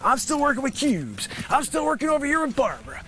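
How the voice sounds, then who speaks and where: A man doing an improvised comedy monologue, rambling and animated, sometimes shouting. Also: very high voice, fast talker, slight background noise. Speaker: comedian host. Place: home studio with green screen.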